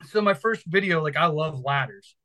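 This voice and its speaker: A man's voice: fairly high pitch, lively intonation, moderate pace, bright, forceful tone, rough recording. A man in his thirties from Virginia, a firefighter instructor talking casually and energetically in an interview, rambling and swearing freely.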